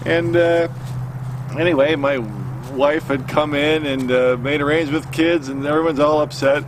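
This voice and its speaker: A middle-aged man casually telling a personal story to camera, halting with many fillers and restarts, recorded outdoors. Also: fairly high pitch, steady tone, slight background noise. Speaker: outdoor cooking vlogger. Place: outdoors by a campfire.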